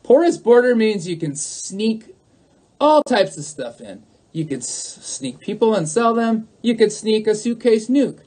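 Man, high voice, livestream chat, sarcastic, mocking, repeats himself. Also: very animated, measured pace, a little mellow. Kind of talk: livestream talk answering chat.

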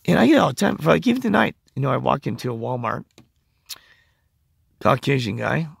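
Hoarse guy rambling into the camera, gravelly rough voice, pitch all over the place. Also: very animated, fairly quick, no echo. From United States. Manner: rambling, acts out quoted conversations. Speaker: vlogger. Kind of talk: casual rambling monologue.

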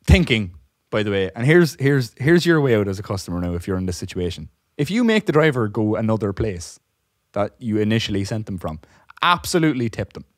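Low-voiced swearing storyteller man. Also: big pitch swings, brisk, few pauses, no room sound, studio quality. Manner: rambling, swears often, laughs while telling. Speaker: podcast co-host. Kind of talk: casual storytelling chat.

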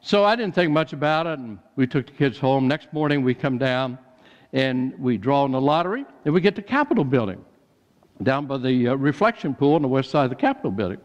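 An older man preaching a sermon, telling personal stories in a folksy way and becoming animated when he quotes others. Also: mid-range voice, fairly quick. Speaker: pastor. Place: church sanctuary. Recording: dull church recording with long reverb.

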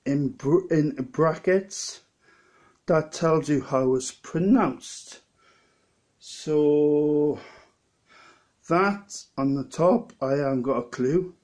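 A tipsy man with a Welsh accent talks to the camera in a casual tasting vlog. His voice sits a little high, and he speaks slowly. He rambles, trips over his words and starts his sentences again. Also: darkish tone. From Wales. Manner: rambling, halting, with many restarts. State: a bit drunk. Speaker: lay preacher vlogger.

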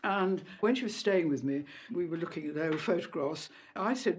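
Husky older English woman reminiscing. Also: lowish voice, expressive, moderate pace, hardly any pauses, soft background music. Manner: anecdotal, acts out remembered voices. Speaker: interviewee. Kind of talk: reminiscing interview.

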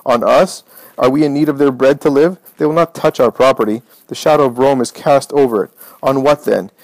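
A man voicing a fiery, devout woman who speaks with forceful, commanding conviction. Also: mid-range voice, brisk, dry recording, natural voice, poor audio. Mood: firm.

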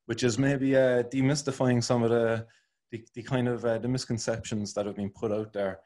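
A man's voice: mid-range voice, little pitch movement, normal speed, darkish tone. A man hosting a podcast interview in casual chat, hesitant with many fillers. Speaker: podcast host.

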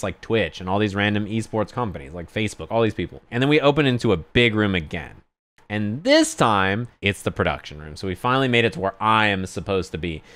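Guy on stream telling a story, smooth clear voice, mid pitch, dry close mic. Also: dry recording. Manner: animated anecdote, acts out others yelling in high pitch.

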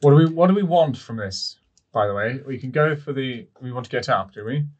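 A man's voice: medium pitch, animated, fairly quick, husky, dull audio. A man playing a tabletop game, chatting casually and urging the group on. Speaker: player.

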